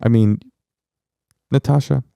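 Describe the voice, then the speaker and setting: A man's voice: medium pitch, fairly even intonation, slow pace, vocal fry, dark tone, smooth, no echo, studio quality. A man co-hosting a podcast, chatting casually and teasing with jokes. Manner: joking, teasing. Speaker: podcast co-host. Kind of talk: casual comedic banter.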